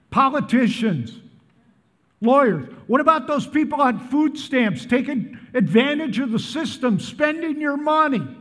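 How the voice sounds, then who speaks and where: High-voiced older man preaching in a hall. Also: fairly bright tone. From Midwest, US. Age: 70s. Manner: asks the crowd rhetorical questions again and again. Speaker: pastor. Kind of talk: sermon. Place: large church in northern Colorado.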